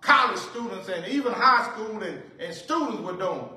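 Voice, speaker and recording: A man leads a Bible study, reading verses aloud and then driving his points home with emphatic repetition. His voice sits very high and rings bright and forceful. He is heard from a distance in an echoey room. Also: animated, normal speed. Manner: reads scripture aloud then comments. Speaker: Bible teacher.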